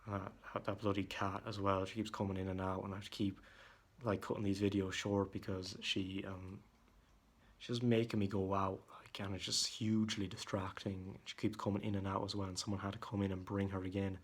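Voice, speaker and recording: A young man talks alone in a room at home, his low, deep voice nearly monotone and now and then cracking. He speaks haltingly, fills gaps with ums, and sounds irritated as he vents. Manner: hesitant, halting, with many fillers and restarts; irritated, venting. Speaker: vlogger. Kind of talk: casual monologue.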